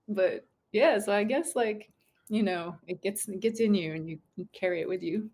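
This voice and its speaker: A middle-aged American woman in casual conversation as a guest author, chatty and quick to laugh, often breaking off and restarting. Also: mid-range voice, darkish tone, a little hiss or hum. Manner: chatty, laughing, self-interrupting.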